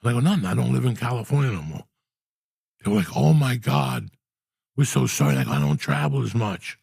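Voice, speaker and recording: A man in his sixties telling a story in casual, profane, animated style, with loud outbursts. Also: medium pitch, a little fast, gravelly, slightly rough, no room sound, studio quality. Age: 60s. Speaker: podcast host.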